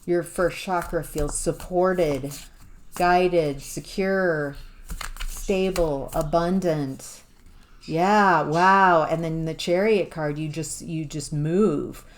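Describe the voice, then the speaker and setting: A woman giving an intuitive tarot reading to the viewer, musing and halting, with sudden exclamations of surprise. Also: low voice, steady tone, a little hiss or hum. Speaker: tarot reader.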